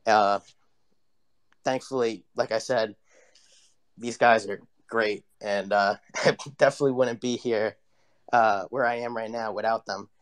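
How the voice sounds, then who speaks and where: Young man in his twenties, panel guest, lowish voice, loose and full of fillers. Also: steady tone, a little slow, long pauses. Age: 20s. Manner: loose and hesitant, many fillers. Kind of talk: casual live audio chat.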